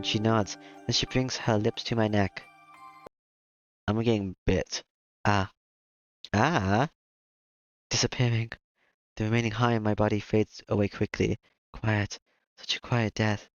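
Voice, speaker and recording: A man reading a visual novel aloud in steady first-person narration, over game music. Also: medium pitch. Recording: slightly dull lo-fi mic, game music behind.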